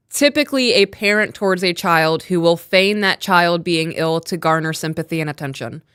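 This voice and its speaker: Woman chatting thru a true crime recap, kinda low voice, super dry sound. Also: clean tone, dry recording. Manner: reads quotes aloud, animated retelling. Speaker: podcast co-host. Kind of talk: casual true-crime breakdown.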